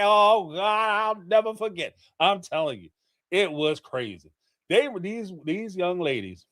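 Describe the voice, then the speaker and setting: A middle-aged man hosting a call-in livestream, giving casual, theatrical commentary with frequent laughter. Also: high-pitched. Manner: animated, theatrical, laughing storyteller.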